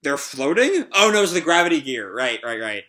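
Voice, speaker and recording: Bright-voiced, chatty man reacting to a manga. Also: a little high, big pitch swings, brisk. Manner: chatty, with frequent fillers and laughs. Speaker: online video creator reacting to a manga. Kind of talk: live reading and reaction.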